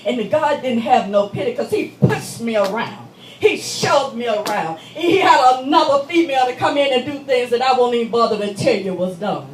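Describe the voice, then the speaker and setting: A woman performs a dramatic monologue, telling her story emphatically and addressing listeners like friends. Her high voice rings around a reverberant church hall, captured from a distance with faint ambience underneath. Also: expressive, moderate pace, hardly any pauses, slight background noise. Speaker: stage performer. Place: church meeting room.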